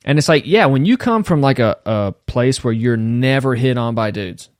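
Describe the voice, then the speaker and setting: A man's voice: mid-range voice, animated, normal speed, no echo, studio quality. A man in his thirties hosting a podcast, chatting casually, laid-back, often saying "man" and "dude" and laughing. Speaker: podcast host. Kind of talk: casual chat.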